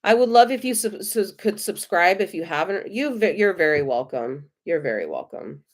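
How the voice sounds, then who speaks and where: A woman with an American accent giving tarot readings on a live stream, gentle, effusive and reassuring. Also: mid-range voice, animated, normal speed. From United States. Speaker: tarot reader.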